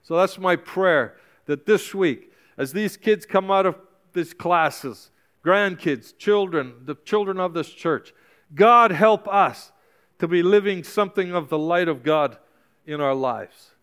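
A man's voice: high voice, takes it slowly, fairly bright tone, clear, resonant tone. A male pastor preaching a sermon with passion, urging and exhorting his congregation with repeated calls.

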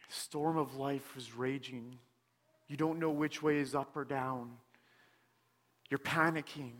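A man preaching a sermon in a church, speaking slowly and deliberately with many pauses, often dropping to a soft, hushed tone. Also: fairly high pitch, in a large hall. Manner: slow, deliberate delivery with frequent pauses, dropping softer on scripture. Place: church sanctuary.

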